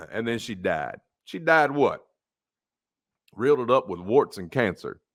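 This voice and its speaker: Guy preaching fire and brimstone, mid pitch, mocking, goes quiet then loud. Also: big pitch swings, slow pace. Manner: blunt, mocking, swings from low muttering to loud outbursts. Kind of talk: fiery street-style sermon.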